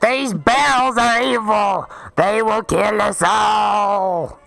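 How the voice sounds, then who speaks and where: A man voicing a crazed drunken man who rants and shouts in a high, strained voice. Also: slow, gravelly, full character voice. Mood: frantic. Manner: shouting, frantic. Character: crazed drunken man ranting about evil barrels.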